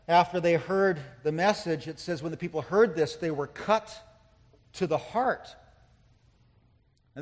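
Impassioned high-voiced male preacher, echoing hall. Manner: impassioned, building to loud emphatic climaxes. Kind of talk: sermon. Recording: long reverb of a large hall.

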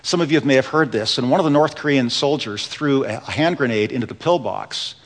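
A man preaching a sermon in a church, telling stories earnestly, dropping to a hush and then building with emphasis. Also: mid-range voice, a little fast. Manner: earnest storytelling preacher, swings between hushed and rising emphasis. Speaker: pastor. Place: church sanctuary. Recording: long reverb of a large hall.

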